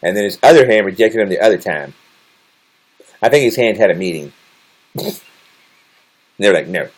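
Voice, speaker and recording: A man's voice: on the low side, lively intonation, normal speed. A man chatting casually with viewers on a livestream, teasing and joking crudely as he reads their comments. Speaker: live streamer.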